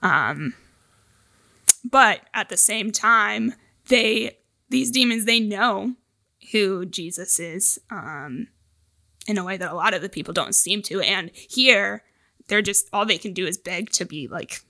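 A woman joins a casual scripture discussion, sharing her reflections earnestly. Her voice is bright and forceful, and the recording is dry and close with no room sound. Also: mid-range voice, takes it slowly, creaky, dry recording. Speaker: discussion guest.

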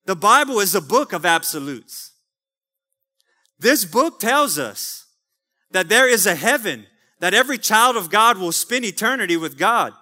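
A man's voice: high voice, animated, unhurried, sharp tone, long reverb tail. A man pastor preaching a fervent sermon to his congregation, calling for amens. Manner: fervent preaching with calls of amen. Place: church sanctuary.

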